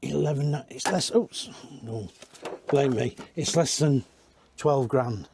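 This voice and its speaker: A man's voice: mid-range voice, slow, creaky, noisy background. Chatty man touring caravans. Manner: chatty, rambling, corrects himself mid-sentence. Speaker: caravan industry reviewer. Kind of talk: casual walk-around tour. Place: inside caravans at a dealership.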